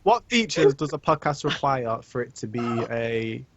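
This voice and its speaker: A man's voice: mid-range voice, animated, normal speed. Stammering young guy on a hissy call. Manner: stammers, mock-serious rants. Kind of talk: casual podcast chat. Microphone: computer mic on a voice call. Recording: dull lo-fi call audio with faint hiss.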